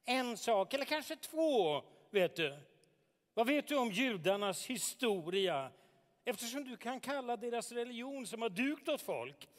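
A man's voice: high voice, big-room sound. An actor in a radio drama playing a defiant young man in a heated, scornful family argument. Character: defiant young man arguing with his father.

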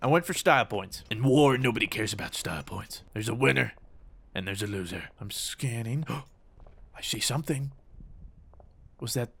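Young-sounding gaming host, mid pitch, very lively delivery, teasing and mock-serious. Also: male voice, normal speed, creaky, pauses often, slightly rough. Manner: mock-serious war narration broken by excited outbursts; jokey, teasing. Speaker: gaming YouTuber. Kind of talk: gameplay commentary.

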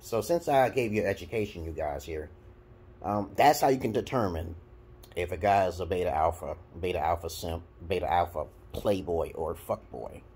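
A deep, slightly rough male voice at a moderate pace belongs to a Brooklyn vlogger with a New York accent. Talking to the camera, he gives dating advice in a casual rant that's blunt and crude. His animated delivery swings from loud to muttered.

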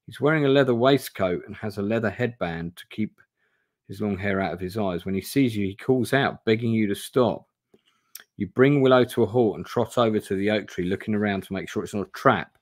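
This is a brisk, lowish male voice from someone streaming himself on camera at home while playing through a gamebook. It's a live reading mixed with casual chat, complete with swearing and remarks to his viewers.

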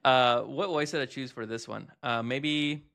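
Bright-voiced man casually reviewing software. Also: medium pitch, fairly even intonation, vocal fry. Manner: chatty, thinking aloud with fillers and quick asides. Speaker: host reviewing text-to-speech tools.

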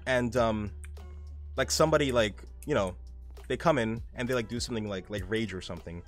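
A man's voice: lowish voice, fairly quick, soft background music. A young man streaming a game live, rambling casually, reading chat aloud and swearing often.

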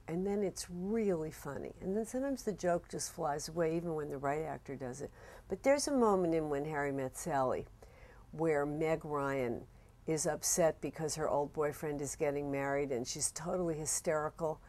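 Woman screenwriter, low-pitched, reflective conversational interview. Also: moderate pace, a little mellow. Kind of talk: documentary interview.

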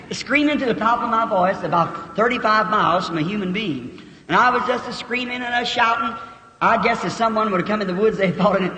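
A man in his fifties from the United States, preaching and telling a story in a folksy, emotional way that rises into high, excited outbursts. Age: 50s. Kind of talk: sermon, storytelling. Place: church or meeting hall. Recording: echoey hall recording with faint hiss.

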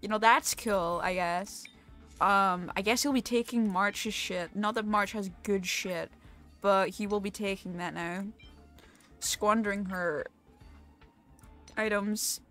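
A woman's voice: mid-range voice, steady tone, slow pace, long pauses, fairly bright tone, soft background music. A young woman streaming a game, chatting casually, swearing freely and poking fun at herself. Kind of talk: casual live-stream gaming chat.

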